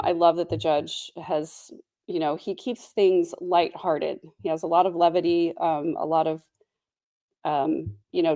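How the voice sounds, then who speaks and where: Woman, young adult, true crime livestream host; low, mellow, chatty, lots of fillers. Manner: chatty, reflective, many fillers. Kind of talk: casual livestream commentary.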